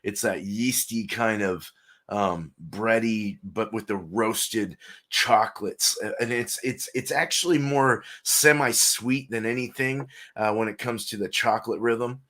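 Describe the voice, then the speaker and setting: A man's voice: on the low side, a little slow, fairly bright tone. A man guest-reviewing a stout on a casual beer show, talking with enthusiasm and lots of fillers. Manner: enthusiastic, loose and filler-heavy.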